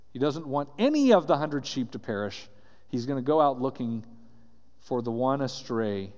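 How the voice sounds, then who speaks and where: A man's voice: medium pitch, darkish tone. Male pastor preaching in a reverberant church. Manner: earnest, reads scripture aloud then explains it with frequent "right?". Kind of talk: sermon. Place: church sanctuary. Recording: roomy church hall reverb.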